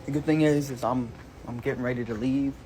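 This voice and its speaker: A man's voice: medium pitch, steady tone, brisk, darkish tone, slight background noise. A man filming himself on a phone during a night shift, talking nervously to the camera in street slang. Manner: jittery, scared, talks to the camera in street slang. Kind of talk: nervous self-recorded vlog.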